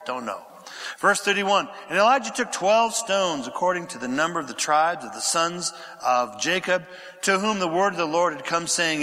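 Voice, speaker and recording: A pastor preaching a sermon, reading scripture aloud, questioning his congregation and dropping to a whisper for quiet passages. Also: high voice. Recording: echoey hall with long reverb.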